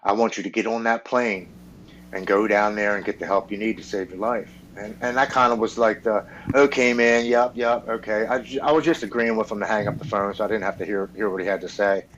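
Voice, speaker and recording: Low-voiced man telling his recovery story. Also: steady tone, fast, fairly bright tone, highs cut off, slight background noise. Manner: candid storytelling, acts out quoted people, swears freely. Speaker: podcast guest.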